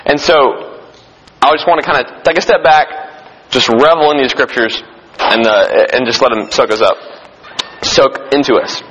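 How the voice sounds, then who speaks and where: Pastor, male, relaxed sermon full of restarts and audience questions; dull lo-fi capture. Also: medium pitch, normal speed, slight background noise. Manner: conversational, frequent restarts, questions the congregation. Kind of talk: informal sermon. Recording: long hall reverb, dull lo-fi sound.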